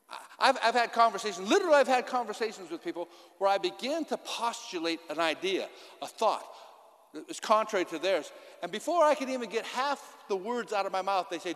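A man preaching a sermon in church as the pastor, impassioned and building to loud emphatic declarations. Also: high-pitched, expressive, fast. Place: church hall. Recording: hall reverb.

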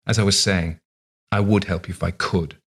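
A man's voice: low-pitched, moderate pace. A man voicing a strange, dreamy old woman in a tower who talks cryptically, half to herself, in an audiobook reading. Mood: cryptic.

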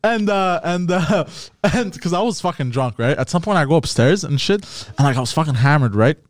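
A man in casual chat, recalling a story in a halting, sheepish way with many fillers. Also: a little high, expressive, no room sound.

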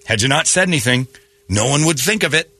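A man's voice: mid-range voice, lively intonation, fast, bright, forceful tone, breathy edge. A man hosting a morning radio show, ranting bluntly and joking in opinionated banter.

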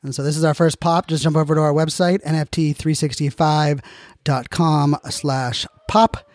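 A man's voice: on the high side, fairly even intonation, normal speed, a little mellow, dry recording, studio quality. A man hosting his own podcast, speaking in an earnest, motivational monologue with frequent fillers and restarts. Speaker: podcast host.

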